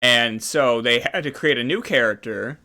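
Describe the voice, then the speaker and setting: A man's voice: mid-range voice, normal speed, bright, forceful tone. A man hosting a casual chat, rambling as he explains trivia. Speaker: host.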